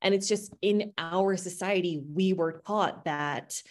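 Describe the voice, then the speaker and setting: A woman co-hosting a casual podcast chat, reflective and quick to laugh. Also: fairly low pitch. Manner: reflective, laughs often, swoops up when surprised. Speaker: podcast co-host.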